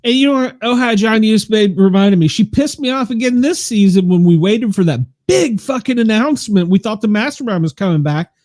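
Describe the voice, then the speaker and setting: A man hosts a casual podcast chat with a mellow, darker voice. He is gossipy and swears freely, laughing as he goes. The sound is close and dry. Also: sits high, animated, fairly quick, few pauses, no room sound. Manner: profane, laughs often, gossipy. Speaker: podcast host.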